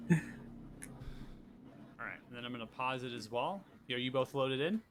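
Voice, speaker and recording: A man running a tabletop game as game master, narrating scenes in a relaxed, descriptive way with fillers, music playing behind. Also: medium pitch, normal speed. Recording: background music.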